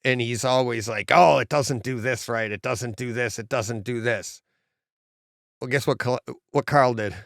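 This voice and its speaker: A man's voice: medium pitch, measured pace, vocal fry, fairly bright tone, no echo, studio quality. A man co-hosting a podcast, telling stories animatedly, mimicking people and laughing often. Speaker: podcast co-host. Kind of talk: casual chat.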